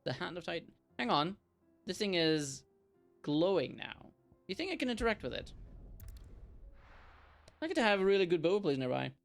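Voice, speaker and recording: A young man streaming a video game, excitably yelling at enemies and chatting between fights. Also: sits high, moderate pace, vocal fry, pauses often, soft background music. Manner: excitable, yells playfully at enemies. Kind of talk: live gameplay commentary.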